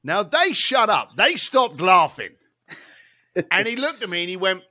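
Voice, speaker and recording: A man's voice: high-pitched, unhurried. A man, a guest on an interview show, telling a salty anecdote with lots of asides. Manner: lively, salty anecdotes with frequent laughs and asides. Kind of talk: animated storytelling in a podcast interview.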